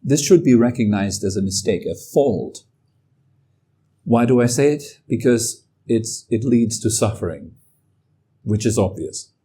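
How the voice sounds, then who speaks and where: A man giving a calm, reflective talk as a meditation teacher. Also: mid-range voice, unhurried, slightly rough. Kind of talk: dharma talk.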